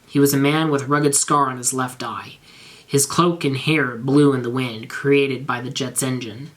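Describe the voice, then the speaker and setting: A man reading bad fan fiction aloud in a measured, straight-faced narration. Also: mid-range voice, fairly even intonation, fairly bright tone.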